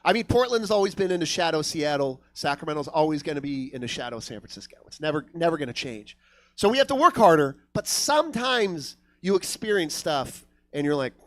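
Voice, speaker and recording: A male comedian working a club stage, his voice pitched high and bouncing all over as he tells his stories. He swears freely and keeps jumping into other people's voices, all through a handheld mic. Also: a little fast. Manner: swearing, animated storytelling, acts out other voices. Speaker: stand-up comedian. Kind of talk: stand-up comedy set. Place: comedy club stage before a live audience.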